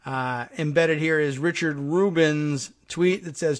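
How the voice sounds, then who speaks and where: A middle-aged man hosts a political talk podcast, his voice sitting a bit high for a man. He talks loosely and off the cuff, with sarcastic asides and exasperated sighs of disbelief. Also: unhurried, hardly any pauses. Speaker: host.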